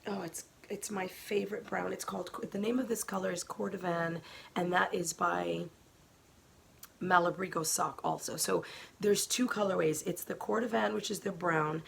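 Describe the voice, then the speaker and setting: Middle-aged woman, knitting host; low, gravelly, chatty and gushing, faint hiss behind. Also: steady tone, moderate pace. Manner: chatty, gushing, with fillers and soft asides. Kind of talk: casual show-and-tell chat.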